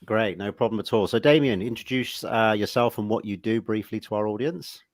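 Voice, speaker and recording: A man's voice: lowish voice, brisk, no room sound, studio quality. A man hosting a podcast interview, asking questions in a friendly, casual way with a few fillers. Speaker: podcast host.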